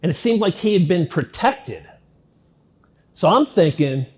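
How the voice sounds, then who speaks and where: A man's voice: high-pitched, sing-song, a little slow, pauses often. Man recounting his past, candid and blunt. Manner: candid, drops to near-quiet at grim moments, swears casually. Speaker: interview guest. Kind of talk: telling his life story in an interview.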